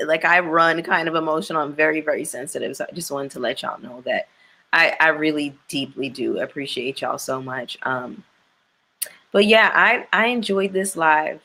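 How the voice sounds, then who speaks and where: A low-pitched woman chats to her viewers on a livestream, sounding worn out and emotional. Her talk is candid and slangy, like she is venting to friends. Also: normal speed. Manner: gets loud and high-pitched when ranting. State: exhausted and emotional. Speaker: YouTube livestream host. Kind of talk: casual livestream chat with viewers.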